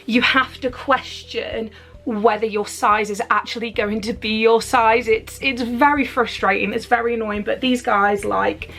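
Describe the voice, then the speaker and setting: Unboxing clothing at home, this UK vlogger speaks a touch slowly in a slightly high, fairly bright voice with fairly even intonation, and faint music plays in the background. Her chat is enthusiastic and rambling, full of fillers, and she's slightly breathless.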